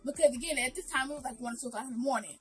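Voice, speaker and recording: A woman's voice: sits high, racing, soft background music, poor audio. A woman vlogger telling an emotional storytime, speaking earnestly and directly to her viewers with lots of fillers.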